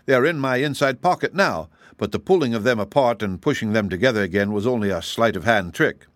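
A man voicing a kindly little male wizard who admits to being a humbug, explaining things gently in an audiobook reading. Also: medium pitch, lively intonation, brisk, no room sound, clean studio sound, close to an everyday voice.

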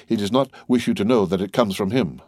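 A man gives voice to a composed, middle-aged count who speaks with cool, courteous authority. The voice sits low, and the recording is close and dry. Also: a little fast, darkish tone, no room sound, close to an everyday voice. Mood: commanding, courteous.

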